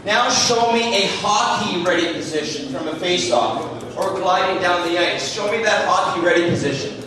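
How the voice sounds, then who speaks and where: A man teaching hockey skating to a live audience, animated and jokey as he demonstrates moves. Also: sits high, normal speed, a crowd in the background. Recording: echoey hall, distant mic.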